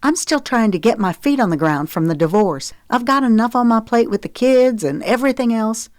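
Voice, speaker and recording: A prickly, defensive divorced mother, as a woman narrator puts her on, sharp and quick to bristle. Her delivery is pointed and exasperated, and the recording is dry and close. An audiobook character reading. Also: a little high, expressive, no room sound, voice pushed up, lightly acted.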